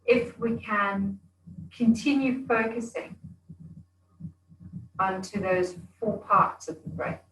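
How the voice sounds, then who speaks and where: A woman yoga teacher giving slow, soothing breathing instructions during an evening class. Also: medium pitch, a bit bright, recorded from a distance. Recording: echoey room.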